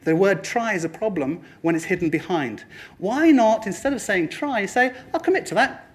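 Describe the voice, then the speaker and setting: A man giving a lively motivational presentation to a room, addressing the audience and slipping into other people's voices for quoted lines. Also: sits high, moderate pace. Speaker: speaker at a training talk.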